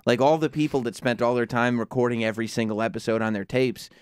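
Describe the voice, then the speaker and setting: A man's voice: mid-range voice, fairly even intonation, fast, clear, resonant tone, dry recording. Man rambling in casual studio chat.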